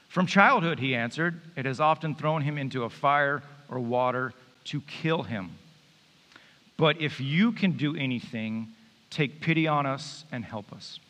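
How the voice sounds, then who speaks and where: A man's voice: a little high, moderate pace, a bit bright. A man preaching a sermon, reading scripture and then talking it through in a conversational, joking way. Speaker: pastor. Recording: reverberant hall.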